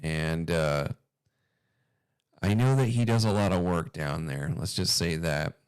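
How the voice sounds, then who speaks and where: A man's voice: sits low, measured pace, clean tone, no room sound. A man hosting a commentary video, talking casually in a rambling, uneasy and profane way.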